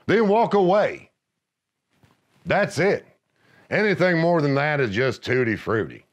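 Slow deadpan macho man, lively pitch. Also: muffled recording. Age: middle-aged. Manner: gruff macho pronouncements, deadpan. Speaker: comedy narrator. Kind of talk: scripted deadpan comedy narration.

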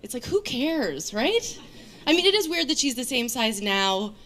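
A woman in her thirties from New York doing a stand-up set on stage, with a deadpan, self-mocking delivery full of fillers. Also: sits high, normal speed. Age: 30s. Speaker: stand-up comedian. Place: comedy stage before a live audience. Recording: live show with crowd laughter. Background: audience laughter.

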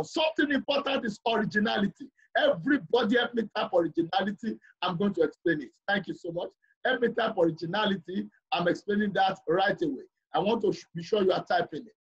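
A man's voice: sits high, breathy edge, highs cut off. A man teaching a live class, emphatic, repeating his points and often asking the learners if they follow. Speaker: lecturer.

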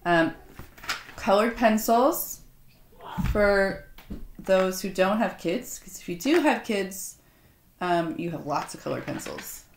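A woman's voice: medium pitch, expressive, slow pace, long pauses. Woman host, dry self-mocking humor, casual unboxing chat, echoey home room with faint hiss. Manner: sarcastic, self-mocking banter. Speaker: author unboxing a gift box. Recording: roomy echo, faint noise.

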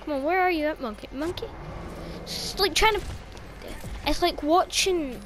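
A woman's voice: very high voice, normal speed, noisy background. A young woman commentating her own gameplay, exclaiming and swearing at the game and grumbling about lag. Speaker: gaming video creator.

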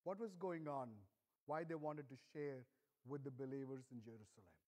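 A middle-aged man preaching a sermon in church, earnest and emphatic, speaking slowly and deliberately. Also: darkish tone. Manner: earnest, emphatic, stresses key words with rising pitch.

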